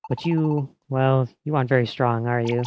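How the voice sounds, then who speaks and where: A man's voice: mid-range voice, steady tone, moderate pace, darkish tone, lo-fi sound, a little hiss or hum, lightly acted. A man reading an aloof, cool wandering creature. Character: aloof graceful female wanderer creature, cold.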